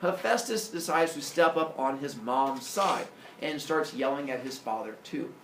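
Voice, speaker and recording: A man's voice: mid-range voice, unhurried, a little hiss or hum. Joking male teacher in an echoey classroom. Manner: jokey, animated storyteller. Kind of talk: classroom lecture, storytelling. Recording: roomy echo, distant mic.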